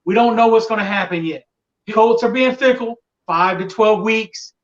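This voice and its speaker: High-voiced man venting, distant muffled mic. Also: normal speed. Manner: exasperated, venting about fickle fans. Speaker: podcast guest, Colts fan. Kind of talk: casual sports podcast talk.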